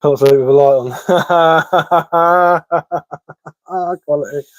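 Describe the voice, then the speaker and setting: A bushcraft live-streamer chats casually from his living room, telling jokes and chuckling at his own dad jokes. His mid-range voice is quick and dark-toned, and the close, dry sound has no echo.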